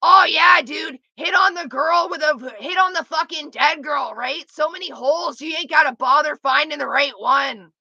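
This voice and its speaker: A woman putting on the loud, crude voice of a dead corpse girl she played as a haunted-house scarer. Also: high-pitched, moderate pace, creaky, few pauses, no room sound, muffled recording, voice pushed up, heavily acted. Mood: crude taunting.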